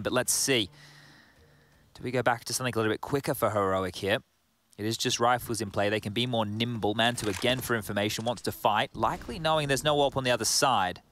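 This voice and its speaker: A man's voice: medium pitch, fairly bright tone. A man giving analytical color commentary on an esports match in a chatty, conversational way. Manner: chatty, uses fillers like "right?" and "you know".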